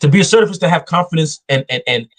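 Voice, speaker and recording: Podcast guest: husky-voiced man, a bit higher than most, emphatic and preachy. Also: expressive, racing. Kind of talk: casual podcast talk.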